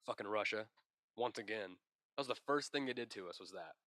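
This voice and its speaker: A man's voice: on the low side, a little fast, a bit bright, dry recording. A man co-hosting a casual comedy podcast, rambling and spinning absurd tall tales with a straight face. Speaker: podcast co-host.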